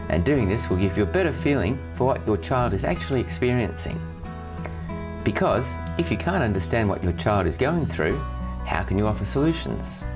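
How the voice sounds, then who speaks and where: A man with an Australian accent, a parent presenting a scripted talk in an earnest, methodical way, counting off his points by number. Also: on the low side. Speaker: parent and autism training promoter.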